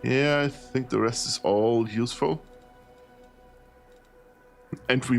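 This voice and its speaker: A man streams a role-playing game, thinking aloud as he sorts through items. His voice is gravelly and unhurried, with a tired edge and frequent laughs. Soft music plays faintly behind him. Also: mid-range voice. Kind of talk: casual gameplay commentary.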